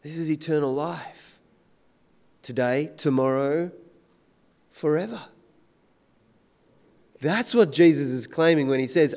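A man's voice: a little high, slow pace, gravelly, pauses often. Emphatic man preaching a sermon. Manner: dramatic shifts between loud emphasis and hushed intensity.

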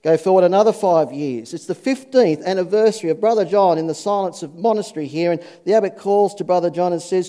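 A man preaching a sermon, telling anecdotes with lively punchlines and dropping low and soft for scripture. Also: a little fast, hardly any pauses.

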